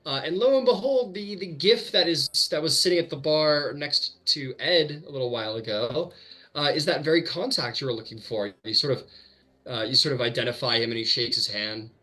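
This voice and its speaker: A man's voice: on the high side, brisk, bright, forceful tone. A man narrating as game master of a tabletop game, loose and full of fillers.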